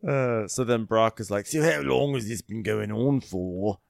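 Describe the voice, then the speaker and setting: A man co-hosting a comedy podcast, recapping reality TV with giggles and shrill mock voices for the cast. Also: unhurried, creaky, no echo, studio quality. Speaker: podcast co-host.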